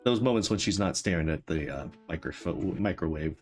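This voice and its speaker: A man's voice: sits low, animated, fairly quick, a little mellow. A man streaming a game, playfully chatting to the characters as he plays. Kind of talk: casual gameplay commentary. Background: faint game music.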